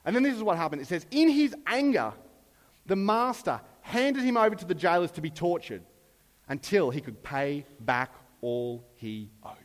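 A man preaching a sermon in a relaxed, conversational way, briefly acting out the lines of the people in the story. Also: on the high side, normal speed, big-room sound. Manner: conversational, acts out characters' lines. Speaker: pastor.

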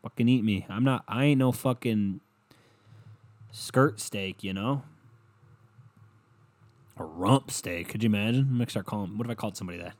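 A man's voice: lowish voice, normal speed, long pauses, dry recording. A young man hosting a solo comedy podcast, rambling and swearing and laughing at his own jokes. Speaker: podcast host.

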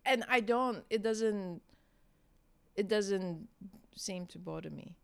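A woman's voice: mid-range voice, takes it slowly, vocal fry, clear, resonant tone. A woman comedian, chatting in an interview, self-deprecating and laughing often. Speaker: stand-up comedian, guest. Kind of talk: casual interview chat.

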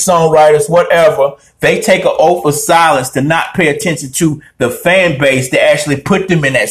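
Profane ranting man. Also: on the high side. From North Carolina, US. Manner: heavy cursing, animated ranting. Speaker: podcast host. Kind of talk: profane solo podcast rant.

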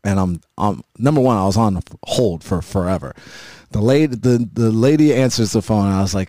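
A man's voice: lowish voice, fairly quick, warm tone, dry recording. A man hosting a podcast, telling a long story in a loose, profane, rambling way, full of restarts and asides. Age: adult with a school-age son. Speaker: podcast host. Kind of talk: casual podcast chat.

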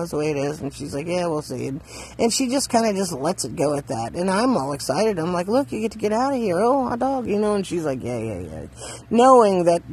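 Rambling man with a high-ish voice. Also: darkish tone, a little hiss or hum, rough recording. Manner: halting, repeats words, laughs often. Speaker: vlogger living in a van. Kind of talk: casual rambling storytelling.

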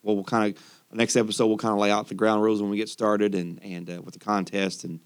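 A man's voice: fairly low pitch, flat delivery, fast talker, smooth. A man hosting a casual podcast who talks easily, with many fillers and restarts. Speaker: podcast host.

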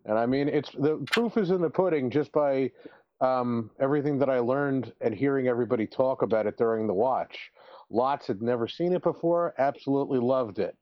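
A man's voice: medium pitch, fairly quick, no room sound. Enthusiastic man, slightly dull sound. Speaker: podcast co-host. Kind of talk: casual chat.

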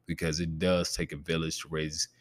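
A man with a gravelly growl in his voice, hosting a podcast in a loose, rambling and profane casual chat. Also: a bass voice, level tone, moderate pace. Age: adult with a preteen nephew. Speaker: podcast host.

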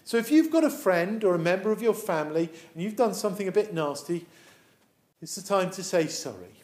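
A man tells a story to children in a loose, chatty way, filling his sentences with ums and restarts. His voice sits high and swings widely as he talks. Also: brisk. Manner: animated, chatty, many fillers.

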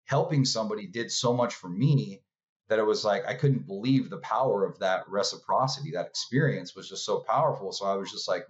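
Laid-back low-voiced man telling a story. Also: brisk. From California. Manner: relaxed storyteller, filler-heavy, acts out quoted voices. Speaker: guest. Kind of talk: casual storytelling. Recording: dull lo-fi sound.

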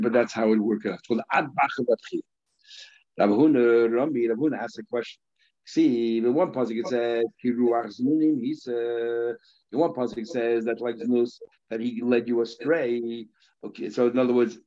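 A man teaching a Talmud lesson, explaining step by step with halting restarts and short stories. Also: medium pitch, warm tone, highs cut off.

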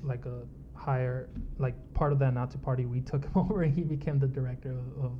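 Halting, casual man on a dull recording. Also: mid-range voice, fairly even intonation, slight background noise. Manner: casual, hesitant, trails off with fillers. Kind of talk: casual chat.

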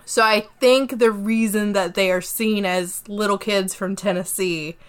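A woman's voice: mid-range voice, fairly even intonation, unhurried, clean tone. A woman with a light Southern country accent, co-hosting a podcast and chatting casually about a movie with lots of fillers. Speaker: podcast co-host. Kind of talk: casual movie review chat.

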